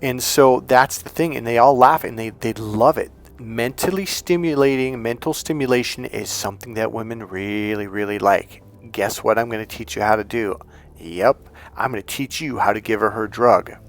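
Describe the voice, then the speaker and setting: A man giving casual dating advice as a coach, telling lively stories and acting out the people in them, blunt and a bit crude. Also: mid-range voice, normal speed. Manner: animated storyteller who acts out the people he quotes. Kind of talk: casual motivational monologue.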